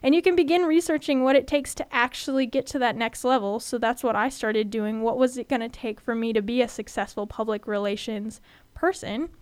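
A woman's voice: a little high, brisk, clean tone, dry recording. A young woman in her twenties from California hosting a student podcast, telling personal stories in a candid, chatty way. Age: 20s. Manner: chatty, candid, animated when retelling.

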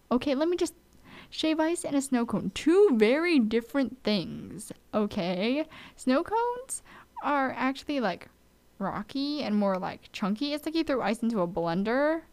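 Animated Hawaiian woman, slow and emphatic. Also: fairly high pitch. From Hawaii, Oahu. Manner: animated, emphatic, mock-exasperated. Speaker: vlogger. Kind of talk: casual chat.

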